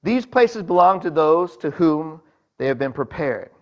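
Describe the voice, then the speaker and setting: A man preaching to his congregation in a relaxed, conversational sermon, pausing to ask the room questions and slipping into the voices of the people in the story. His voice sits a little high for a man. The recording is dull and lo-fi. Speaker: pastor.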